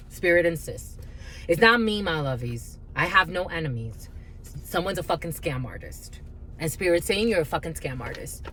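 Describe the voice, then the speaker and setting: A woman giving a spiritual card reading in a blunt, profane, heated rant. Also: low voice. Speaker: tarot reader.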